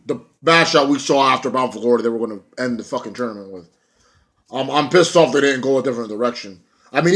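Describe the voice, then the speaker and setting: A man's voice: mid-range voice, fairly bright tone. A young man giving a casual wrestling show review, blunt and profane, ranting and mocking.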